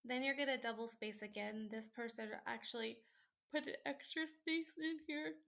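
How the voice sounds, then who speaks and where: Late at night at home, a tired woman college instructor walks students through a sample paper in a screen-recorded lesson, chatty and casual with lots of ums and likes. Her voice is a little high, creaky, and a bit bright, at normal speed.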